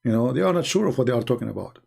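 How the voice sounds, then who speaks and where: Host, male, gravelly mid-pitched voice, animated storytelling with restarts. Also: racing. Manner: retells exchanges, acting out quotes in a raised voice; repeats words and restarts sentences. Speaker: live-stream host. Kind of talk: live-streamed debate talk.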